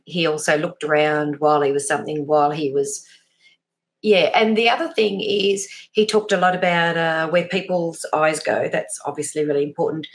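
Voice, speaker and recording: A woman talks as a guest in a relaxed interview. Her voice sits a little low. She rambles a bit and laughs at herself, acting out small examples as she goes. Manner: chatty, self-deprecating, acts out little examples. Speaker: guest, behavioural profiler. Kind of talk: casual interview chat.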